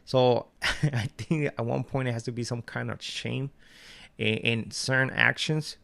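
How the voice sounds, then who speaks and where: Man, vlogger, casual rant, gravelly, profane slang storytelling. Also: medium pitch, fairly even intonation, measured pace, fairly bright tone.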